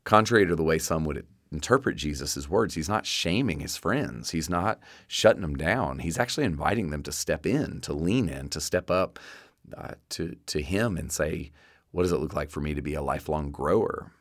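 A man preaching a sermon in an earnest, conversational way, often pausing with "uh" and restarting his phrases. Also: a bass voice, lively intonation, no echo, clean studio sound. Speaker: pastor.

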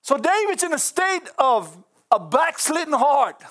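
A man preaching a sermon with passion, breaking into fervent exclamations and rising to shouts as he drives his points home. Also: extremely high pitch, very animated, unhurried.

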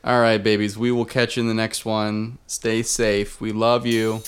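A man's voice: on the low side, level tone, unhurried. A man hosting a podcast in casual, joking chat, teasing his co-host and trailing off into restarts.

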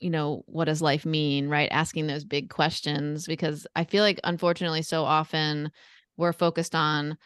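A woman's voice: low-pitched, flat delivery, normal speed, fairly bright tone, smooth, no room sound, clean studio sound. A woman co-hosting a podcast, talking about a book in a thoughtful, affirming way. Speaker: podcast co-host. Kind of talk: casual podcast book discussion.

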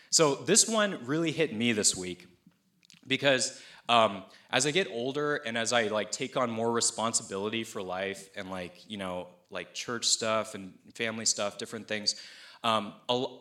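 A young man preaching a sermon in a conversational, animated way, acting out the people he quotes with playful asides. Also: mid-range voice. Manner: acts out voices of people he quotes. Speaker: pastor.

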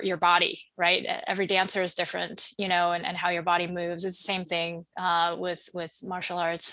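A woman's voice: lowish voice, fairly bright tone, no room sound. A woman in her thirties, a startup founder talking as a podcast guest in a casual, chatty way with many fillers and restarts. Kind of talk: casual interview conversation.

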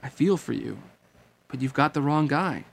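A man's voice: mid-range voice, lively intonation, normal speed, creaky. A man reading an audiobook and voicing a cool, aloof young male swordsman who speaks coldly and curtly. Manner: cold, curt.

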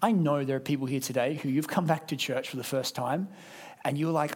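An Australian man preaching a sermon at a church service, lively and conversational, acting out quick impressions. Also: a little high, breathy edge.

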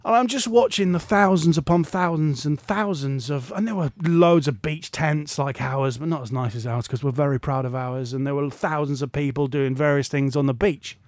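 A man's voice: on the high side, normal speed, hardly any pauses, no echo. A man co-hosting a podcast, telling long rambling holiday stories in casual chat with self-deprecating asides. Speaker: podcast co-host.

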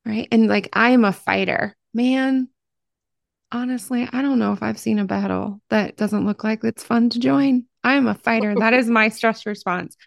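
A middle-aged woman from Southern Ohio hosting a podcast, talking in an effusive, expressive way. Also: fairly high pitch, moderate pace, vocal fry, no echo, clean studio sound. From Southern Ohio, Appalachia. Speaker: podcast host. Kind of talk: conversational interview.

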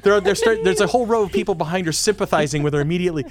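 A man in his forties hosting a podcast, telling a story in a lively way and acting out the people in it. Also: sits high, very fast, crowd noise. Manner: animated storyteller, acts out voices. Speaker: podcast host. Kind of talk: casual podcast chat.

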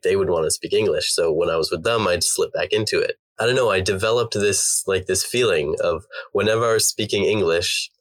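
A man's voice: low voice, a bit bright. A young American man answering interview questions casually, rambling with lots of fillers. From United States. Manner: rambling, filler-heavy with many "like"s. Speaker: guest.

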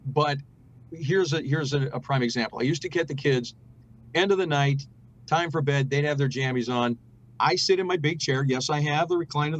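Husky man telling stories, lo-fi line. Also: on the high side. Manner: storytelling, earnest, preachy. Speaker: radio host and guest. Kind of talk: casual conversation.

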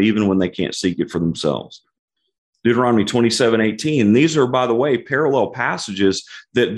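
A middle-aged man teaching a Bible study in an earnest way, often repeating a word as he starts a phrase. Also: fairly low pitch.

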